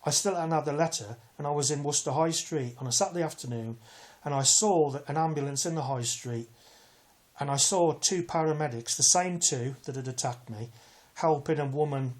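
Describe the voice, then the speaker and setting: Bloke rambling through a grievance, slightly high voice, lots of restarts. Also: male voice, fairly quick. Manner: rambling, restarts and asides, aggrieved. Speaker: vlogger. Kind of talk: casual storytelling to camera.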